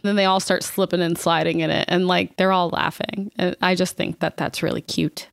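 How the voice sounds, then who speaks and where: A woman's voice: lowish voice, fairly even intonation, moderate pace, vocal fry, no echo, clean studio sound. A woman co-hosting a podcast, chatting casually and bluntly about a movie, swearing freely and gushing over scenes she loves. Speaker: podcast co-host. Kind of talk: casual movie recap chat.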